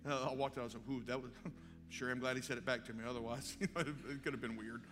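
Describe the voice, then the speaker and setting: A man's voice: medium pitch, steady tone, fast. A male pastor, telling a story in a sermon and acting out the dialogue. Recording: live hall with long reverb and faint music.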